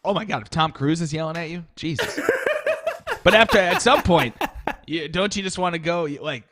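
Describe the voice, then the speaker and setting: A man's voice: fairly high pitch, moderate pace, over a noisy crowd. A man co-hosting a radio show, chatting with wry, profane humor. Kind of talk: casual chat.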